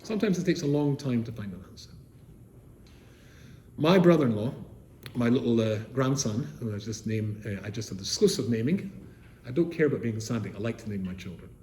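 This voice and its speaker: An older English rabbi tells stories to seminary students indoors, animated and full of rhetorical questions, his volume swinging from loud to soft. His voice is medium-pitched and a little fast. He recorded it on a camera he set up himself, in an echoey room with faint noise.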